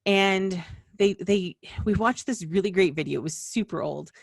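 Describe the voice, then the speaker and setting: A woman from the western United States hosts a small-business video, giving a casual, chatty explainer that rambles with asides and restarts. Her gravelly voice is mid-range and moderately paced, recorded with studio quality and no echo.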